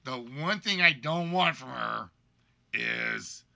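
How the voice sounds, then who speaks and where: A man's voice: medium pitch, animated, slow pace, gravelly, bright, forceful tone. A man hosting a game show livestream, chatting casually and rambling about being sick, his voice congested and worn by a cold. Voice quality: weakened, congested voice. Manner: rambling, apologetic storytelling.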